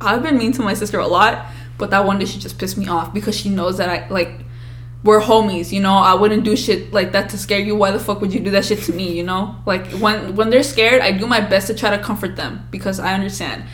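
A woman's voice: mid-range voice, fairly quick, a little hiss or hum. Young woman swearing through a story. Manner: profane, animated storytelling. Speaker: podcast co-host. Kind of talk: casual storytelling chat.

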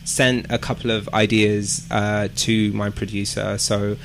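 A man's voice: on the low side, level tone, a little slow, vocal fry, a bit bright, a little hiss or hum. Laid-back man who laughs often. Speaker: musician guest. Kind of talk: casual interview chat.

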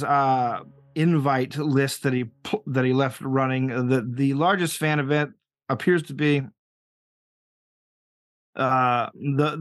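A man's voice: medium pitch, no room sound. A man narrating as game master, hesitant and full of restarts. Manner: hesitant, many fillers and restarts.

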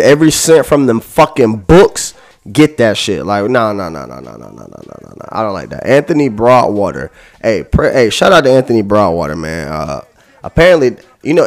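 A man's voice: on the low side, darkish tone. A man hosting a podcast, ranting heatedly and profanely, repeating himself. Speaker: podcast host.

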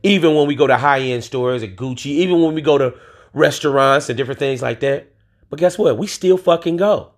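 On his own podcast, a US man delivers a solo rant, swearing freely, using street slang, and addressing listeners directly with emphasis. His voice is medium-pitched and fairly quick.

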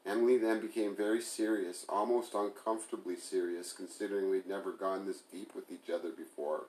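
A man reading a first-person novel aloud in a measured, even manner. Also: sits low. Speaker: audiobook narrator. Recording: roomy echo.

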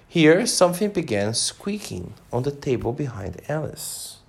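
A man's voice: mid-range voice, big pitch swings, a little slow, gravelly, few pauses. A man reading a children's story aloud in a casual way, with slips and small asides.

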